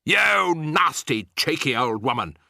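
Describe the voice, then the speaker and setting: A man's voice: a little high, very animated, fairly quick, sharp tone, dry recording, studio quality, pitched above the performer's own voice, exaggerated voice. A man voicing a pompous, indignant father who blusters, in an audiobook. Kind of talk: audiobook character voice.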